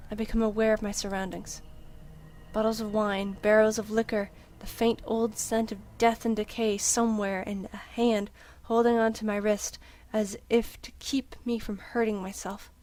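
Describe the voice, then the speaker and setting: A woman's voice: fairly high pitch, darkish tone, a little hiss or hum. Woman reading game narration dramatically. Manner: dramatic, tense reading with occasional slips. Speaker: let's-play reader. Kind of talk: dramatic first-person game narration read aloud.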